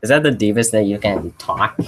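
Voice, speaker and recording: A man's voice: fairly low pitch, animated, a bit bright, slight background noise, low-quality recording. Brief: teenage male streamer, casual and meandering, full of "like" and restarts. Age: teens. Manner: rambling, halting, lots of fillers. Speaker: YouTuber hosting a live Q&A. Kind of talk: casual live-stream chat.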